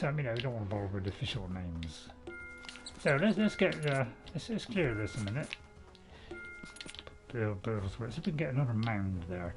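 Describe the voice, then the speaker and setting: A man in his seventies giving casual, rambling commentary as he plays a game, chatty and quick to joke at his own expense. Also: medium pitch, rough recording. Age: 70s. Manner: rambling, chatty, joking and self-mocking. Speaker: gaming channel host.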